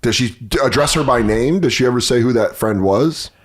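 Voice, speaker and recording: A man's voice: medium pitch, brisk. A man hosting a podcast, telling stories in casual comedic chat and mimicking people in quoted voices, with crude jokes. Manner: crude, joking. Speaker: podcast host.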